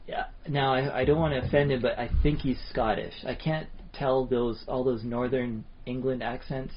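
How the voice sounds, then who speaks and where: An easygoing man chatting on a podcast at a mid pitch, often chuckling between thoughts. The sound is dull and lo-fi, like a home recording. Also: fairly even intonation, moderate pace, slight background noise. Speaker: podcast co-host. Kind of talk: casual chat.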